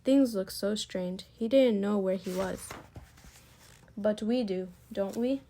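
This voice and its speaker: A woman reading a picture book aloud, expressive, slowing and lifting her voice for emphasis. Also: mid-range voice. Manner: expressive, slows and rises for emphasis. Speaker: storybook reader.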